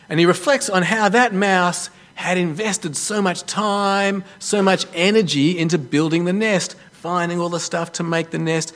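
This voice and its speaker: A man preaches to his congregation in an animated storytelling way, his fairly high voice rising and falling. He slips in self-deprecating jokes as he goes. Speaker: pastor. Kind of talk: sermon.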